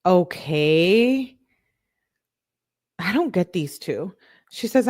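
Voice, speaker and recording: A woman's voice: lowish voice, drawn-out words, long pauses. A woman hosting a true crime channel, casually reading text messages aloud and breaking off with puzzled asides. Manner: reads texts flatly, breaks off with puzzled asides.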